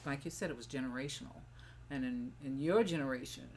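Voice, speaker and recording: An older woman appears as a mother guest on a family podcast, telling wandering stories and reflecting on how she raised her children in casual chat. Her voice is rumbling low and a little mellow, fairly quick, with slight background noise.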